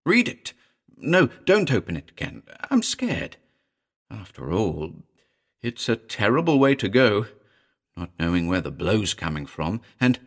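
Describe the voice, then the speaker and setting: A man's voice: low-pitched, animated, measured pace, heavily acted. A man voicing a jittery, frightened young man who talks in urgent, panicky bursts. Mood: panicked.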